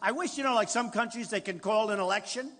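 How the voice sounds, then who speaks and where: Speaking quickly in a high, fairly bright voice, an older man with a New York accent rallies a large crowd in a hall. As a political candidate, his speech rambles and boasts, and the recording carries roomy reverb and faint crowd noise.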